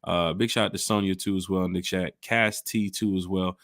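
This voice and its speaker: A man co-hosting a casual sports fan podcast, hyped and slangy, shouting out viewers in the chat. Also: sits low, brisk, dry recording, clean studio sound. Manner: animated, hype, slangy, reads chat shout-outs. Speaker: podcast co-host.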